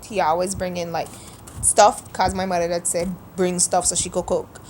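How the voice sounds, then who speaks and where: A woman's voice: lowish voice, level tone, normal speed, a little mellow, slight background noise. A woman from Saint Kitts with a Kittitian accent, chatting casually to the camera in an accent tag video. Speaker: vlogger.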